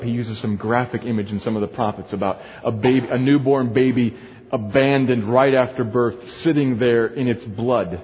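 A man's voice: medium pitch, fairly even intonation, moderate pace, a little mellow. A male pastor preaching an earnest sermon, repeating phrases, in a long echoing hall.

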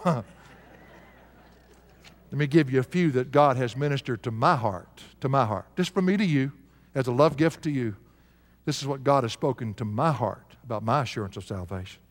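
A male preacher delivering an emphatic sermon, asking his congregation to answer aloud. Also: medium pitch. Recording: live sermon with long hall reverb.

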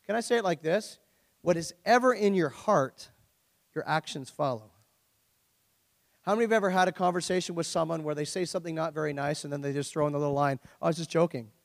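A man's voice: fairly high pitch, quick pace. A middle-aged man preaching a sermon as pastor, conversational and joking, full of rhetorical questions. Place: church. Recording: long church hall reverb.

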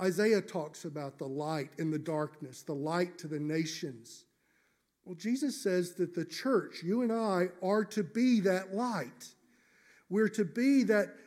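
Man, pastor, sermon in church, high-pitched voice, emphatic measured delivery. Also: darkish tone. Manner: emphatic, measured preaching with slowed stressed phrases.

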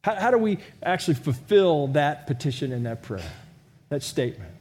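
A man's voice: on the high side, big pitch swings, moderate pace, a little mellow. A middle-aged man preaching a sermon in a conversational way, full of rhetorical questions and self-deprecating humor. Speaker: pastor.

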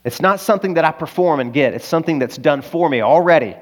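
A male pastor with an Arkansas accent, preaching a sermon in an earnest, confessional storytelling manner that rises to loud, emphatic peaks. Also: a little high, animated, quick pace.

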